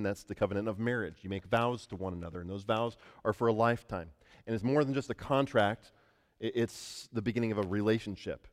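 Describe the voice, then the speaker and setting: A man preaching a sermon to a congregation, talking through scripture in a conversational way and asking them questions. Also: on the low side. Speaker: pastor. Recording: long hall reverb.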